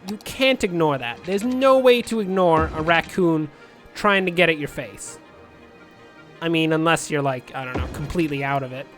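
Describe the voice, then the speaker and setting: A man giving rambling, jokey commentary over a city-building game, with sudden shouted outbursts. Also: a little high. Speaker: let's play host.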